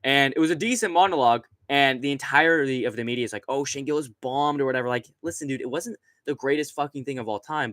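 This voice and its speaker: A man's voice: medium pitch, a bit bright, no room sound. A young man hosting a casual late-night stream, rambling and swearing with lots of fillers, seated at a computer with a desk mic. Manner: rambling, profane, many fillers. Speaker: streamer host. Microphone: desk microphone right in front.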